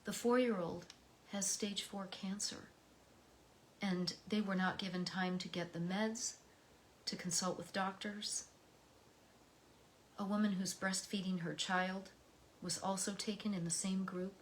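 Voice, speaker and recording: An American woman reading poems aloud and talking between them in a soft, slow way, her voice often dropping to a whisper. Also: mid-range voice, fairly even intonation, slight background noise. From United States. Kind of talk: reflective poetry reading.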